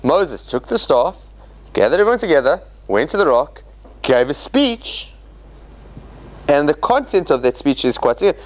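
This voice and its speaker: A man's voice: fairly high pitch, big pitch swings, unhurried, pauses often. A man teaching as a rabbi in an interactive class, questioning his listeners and acting out the quotes he reads.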